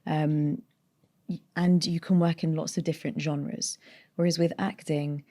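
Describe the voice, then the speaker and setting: Woman, low pitch, from North London, neutral British accent with a hint of North London, interview guest, thoughtful. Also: level tone, measured pace, dark tone. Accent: neutral British with a North London tinge. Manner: thoughtful, explains at length with restarts. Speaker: voiceover artist guest. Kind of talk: casual interview chat.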